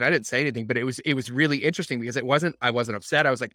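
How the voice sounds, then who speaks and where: A man's voice: medium pitch, fairly even intonation, very fast, few pauses, sharp tone, no room sound, clean studio sound. A man hosting a podcast interview, talking in a loose, rambling way and acting out bits of dialogue as he tells a story. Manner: rambling, retells dialogue with lots of "I was like". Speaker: podcast host.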